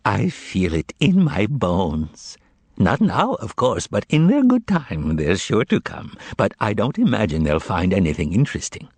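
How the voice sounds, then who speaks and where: A man voicing a fussy, theatrical male sidekick in an audiobook, excitable and wailing. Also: a little slow, slightly rough, no room sound, exaggerated voice. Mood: sly. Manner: excitable, high and shrill. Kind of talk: audiobook character voice.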